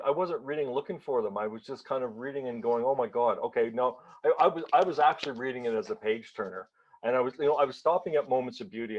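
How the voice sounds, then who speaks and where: A man's voice: mid-range voice, muffled recording. A man interviewing an author at a live library event, enthusiastic and restarting his sentences as he talks. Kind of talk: live onstage conversation.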